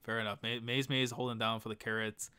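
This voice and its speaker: A man's voice: fairly low pitch, flat delivery, quick pace, pushed and bright, clean tone. A man hosting a casual live stream, laughing often and reading chat comments aloud. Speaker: stream host.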